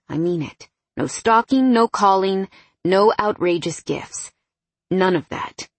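A woman voicing an intense, serious young man in a low, quiet voice. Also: lively intonation, slow, no room sound. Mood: intent.

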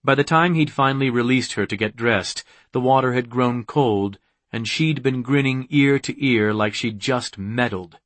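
A man narrating an audiobook in a measured, unhurried reading. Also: mid-range voice, fairly bright tone, dry recording. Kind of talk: scripted narration.

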